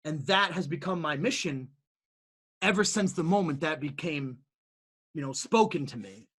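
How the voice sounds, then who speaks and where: His voice runs on the high side with a breathy edge, and he talks at a moderate pace as a guest entrepreneur being interviewed. He narrates his story in an animated, motivational style that builds to emphatic peaks, full of repeated words and restarts.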